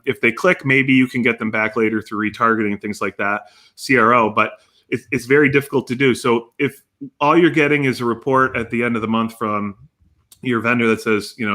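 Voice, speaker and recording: Guy explaining marketing stuff, bright clear voice, fluent. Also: mid-range voice. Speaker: marketing guest. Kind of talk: explanatory interview talk.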